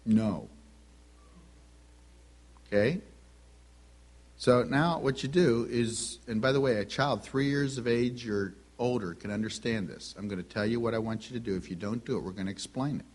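A man's voice: medium pitch, moderate pace. A middle-aged man preaching a sermon, telling folksy family anecdotes and acting out the dialogue. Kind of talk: sermon with storytelling.

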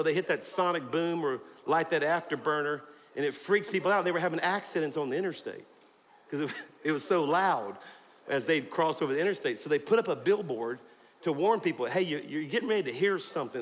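A male pastor preaching a fervent sermon, shouting and calling out to his congregation in a church sanctuary. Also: a little high, expressive, brisk. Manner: fiery, preaching with shouts and call-outs to the congregation. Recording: long hall reverb, faint crowd and noise.

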